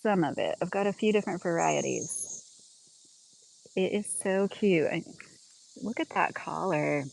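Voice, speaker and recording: A woman chatting casually on a livestream as she walks through her home and garden, rambling with lots of "like" and quick laughs. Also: on the low side, lively intonation, creaky, a little mellow, rough recording.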